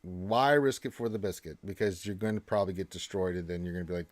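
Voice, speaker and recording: A man's voice: sits low, quick pace, hardly any pauses, no echo. A man hosting a casual livestream, reading viewer questions and answering in a loose, chatty way with many fillers and restarts. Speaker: livestream host.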